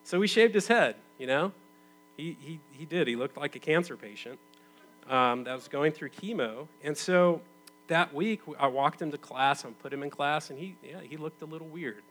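Conversational pastor, lively swings in volume. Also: male voice, a little high, normal speed, poor audio. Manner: conversational, swings from loud emphatic bursts to quiet intimate tones. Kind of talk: sermon.

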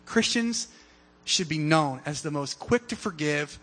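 Male pastor, fairly high bright voice, chatty sermon delivery, acts out the characters. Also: lively intonation, measured pace. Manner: casual, conversational preaching with many fillers, acting out quoted voices.

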